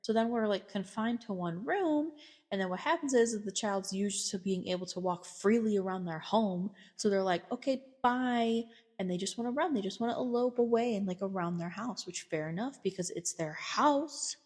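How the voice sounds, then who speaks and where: A woman's voice: mid-range voice, normal speed, a little mellow, husky. Chatty woman telling work stories. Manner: chatty, lots of filler words, self-deprecating. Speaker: podcast host, behavior technician. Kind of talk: casual chat.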